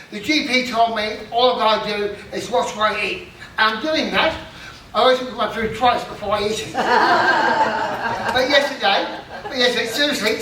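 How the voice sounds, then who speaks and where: A man's voice: high-pitched, bright, forceful tone, recorded from a distance, slight background noise. A middle-aged man doing self-deprecating stand-up comedy, with punchy joke delivery and laughing at his own jokes. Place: festival stage. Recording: echoey hall, mic heard from afar.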